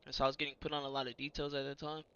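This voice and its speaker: A young man casually telling an army story to a friend, animated, with many fillers, acting out the shouted quotes. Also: mid-range voice, rapid-fire, clean tone, no room sound, dull audio.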